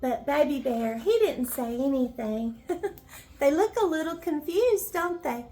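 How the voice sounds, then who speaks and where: An older woman reading a children's bedtime story, gently asking the listening children questions as she goes. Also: high voice, animated, measured pace, soft background music.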